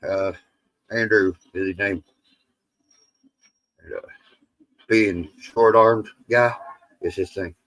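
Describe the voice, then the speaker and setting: A man's voice: fairly low pitch, fairly even intonation, takes it slowly, long pauses, fairly bright tone, no echo, poor audio. A man hosting a casual livestream, rambling and teasing his friends with salty jokes. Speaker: livestream host.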